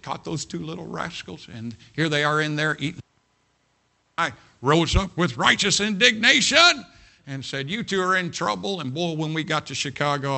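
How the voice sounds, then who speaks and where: Casting: male preacher, bright, sharp voice, folksy storytelling sermon. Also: on the high side. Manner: folksy, repeats "you know what", swings from soft to loud.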